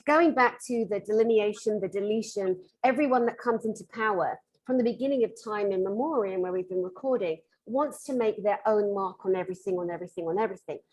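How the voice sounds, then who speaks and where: A woman's voice: mid-range voice, quick pace, hardly any pauses, a little mellow, low-quality recording. A woman hosting an interview over a video call, chatty and rambling with fillers, overheated in a hot room. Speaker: host. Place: hot room in a jungle house.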